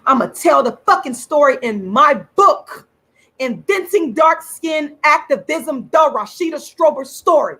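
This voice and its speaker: A woman angrily ranting straight to camera as host of her own channel, swearing and repeating herself with drawn-out, emphatic words. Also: high-pitched, expressive, pushed and bright, low-quality recording. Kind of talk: angry direct-to-camera rant.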